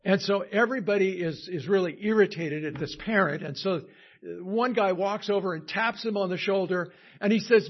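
Husky-voiced pastor preaching, lo-fi sound. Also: male voice, high-pitched. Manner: halting, many fillers and restarts, grows animated in the story. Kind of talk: sermon with prayer and storytelling. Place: church.

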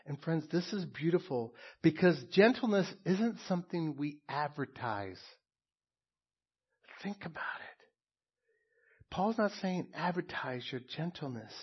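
A man delivering a sermon, speaking slowly and deliberately with a somewhat high voice. His tone is slightly husky, and he leans on repeated phrases for emphasis. The recording sounds a little dull and lo-fi. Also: expressive. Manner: earnest, emphatic preaching with pauses and repeated phrases. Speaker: pastor.

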